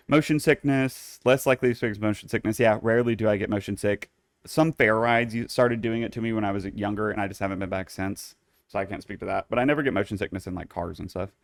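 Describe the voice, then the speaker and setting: A young man hosting a casual solo podcast, campy and playfully bossy, swearing freely and jumping into high squeals for jokes. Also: no echo, clean studio sound. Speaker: podcast host.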